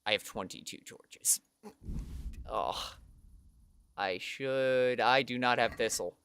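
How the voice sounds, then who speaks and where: A man's voice: mid-range voice, takes it slowly, fairly bright tone, clear, resonant tone. A man giving casual let's-play commentary, chatting to the game character and mocking himself as he plays. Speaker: streamer playing a video game.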